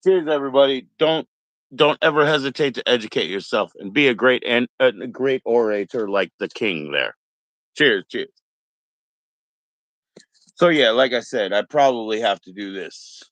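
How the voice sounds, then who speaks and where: A laid-back man rambles through a live stream, greeting viewers in an easygoing, meandering way. His voice sits at a middle pitch, and the sound is dry and close, with no room echo. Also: moderate pace, fairly bright tone. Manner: rambling, laid-back, greets chat members, mock Aussie slang. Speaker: livestream host.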